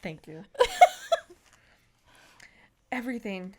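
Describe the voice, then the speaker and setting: A woman's voice: medium pitch, expressive, unhurried. A woman co-hosting a comedy podcast, reading her old fanfic aloud, sheepish and laughing at herself. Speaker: podcast co-host and fanfic author.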